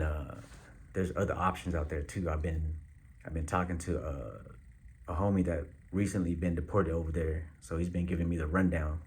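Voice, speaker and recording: A man with a very low voice speaks straight to his viewers in a relaxed vlog. His talk is slangy and loose, with frequent pauses and fillers as he thinks aloud. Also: a little hiss or hum. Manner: laid-back, slangy, halting with many fillers. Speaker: vlogger. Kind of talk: casual direct-to-camera update.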